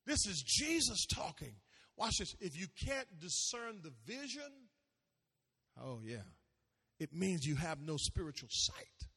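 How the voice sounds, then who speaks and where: A man preaching a sermon as pastor, animated, laughing and calling out to the congregation. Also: sits high, unhurried, slightly rough, long reverb tail.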